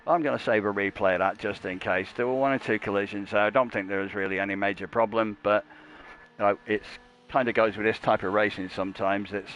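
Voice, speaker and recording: A man giving live commentary on an online racing league. He is chatty and jokey, rambles through asides, and gets louder and higher when a race starts. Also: steady tone, fast, dull audio, a little hiss or hum. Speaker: sim racing commentator and stream host.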